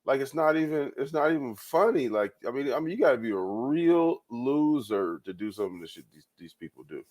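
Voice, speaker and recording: A man's voice: medium pitch, animated, brisk, darkish tone. A man hosting his own show, ranting in loose commentary with frequent profanity, repeated words and laughs. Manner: rambling, profane, repeats himself, laughs often. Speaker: show host.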